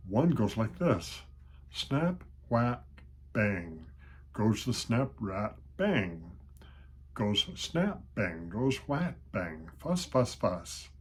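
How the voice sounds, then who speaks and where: An older man with a husky voice voicing a poor, hungry little male church mouse who talks plaintively. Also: medium pitch, unhurried, darkish tone, lightly acted. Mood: reciting. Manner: timid, plaintive, rhyming.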